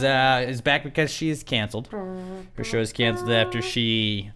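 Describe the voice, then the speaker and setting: A man's voice: medium pitch, lively intonation, unhurried, over music. A young man co-hosting a podcast, talking loosely and profanely with lots of fillers. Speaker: podcast co-host. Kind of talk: casual chat.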